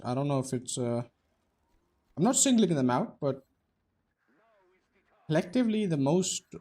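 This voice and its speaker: This young man has a mellow, mid-range voice. While he streams a game, he gives casual commentary that's profane and jokey, wandering between stories and play.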